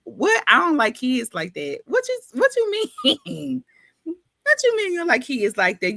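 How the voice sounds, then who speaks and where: Lively, playful New York woman host. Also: high voice, moderate pace, creaky, no room sound. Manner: playful, teasing, slangy. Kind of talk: live book club interview.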